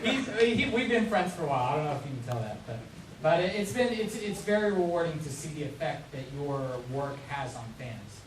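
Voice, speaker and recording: Voice actor panelist, man, excitable and stammering, roomy hall sound with faint noise. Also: a little high, brisk. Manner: excitable, stammering restarts, laughs easily. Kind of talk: convention panel talk. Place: large convention hall, far from mic. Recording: echoey hall from far off.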